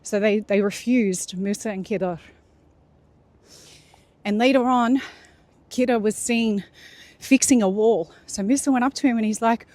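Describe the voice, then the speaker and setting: A woman's voice: fairly high pitch, unhurried, long pauses, a little mellow, no room sound. Casual chatty woman telling a story. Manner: chatty, loose, many fillers and restarts. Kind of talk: casual spoken retelling of a religious story.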